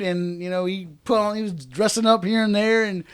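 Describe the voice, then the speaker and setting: A man co-hosting a casual podcast chat, laid-back and full of "man" and "dude", who acts out other people's lines in loud, high voices. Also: fairly even intonation, a little fast, smooth, no echo, clean studio sound. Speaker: podcast co-host.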